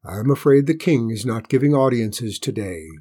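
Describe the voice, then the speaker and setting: Courtly chief adviser, read by a man: smooth, measured, husky. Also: medium pitch, mellow, lightly acted. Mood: courteous. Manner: gracious, measured.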